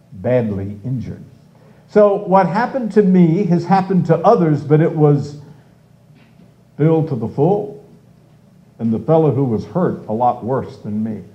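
Older guy preaching real slow, voice swings up and down a lot, dull lo-fi sound. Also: fairly high pitch. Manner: slow, emphatic preaching with rising quoted cries. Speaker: pastor. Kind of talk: sermon.

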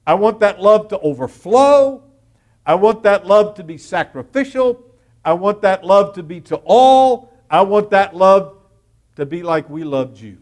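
Slow, lively-pitched male preacher. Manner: expressive preaching, slow and emphatic with sudden quick asides. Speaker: pastor. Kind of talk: sermon.

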